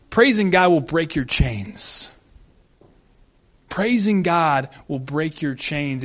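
A male pastor giving a sermon, animated and humorous, acting out the scenes he describes. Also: a little high.

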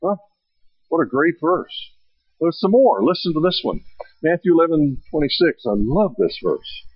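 A male pastor delivers a sermon in a slightly high, husky voice. He swells with emphasis and stretches out his key phrases. The recording is close and dry with a dull, lo-fi tone. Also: very animated, moderate pace, dry recording.

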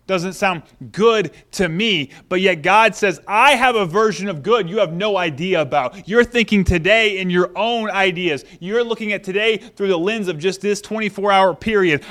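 A man preaching a sermon, telling a story with animated swings between loud excitement and hushed intensity. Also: high-pitched. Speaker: pastor.

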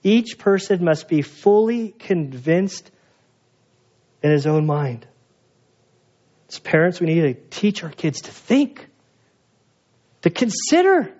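A middle-aged male pastor preaching a conversational sermon, telling personal stories in an animated, self-mocking way. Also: high voice, slow pace, pauses often. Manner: animated, chatty storytelling with self-mocking humor. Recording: dull lo-fi sound.

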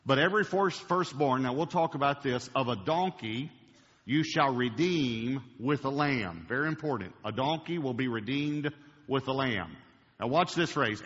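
Emphatic preacher in a big hall. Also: male voice, mid-range voice, fairly bright tone. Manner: emphatic, slows down to stress key words. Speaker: pastor. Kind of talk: sermon. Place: large church auditorium. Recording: dull recording with long hall reverb.

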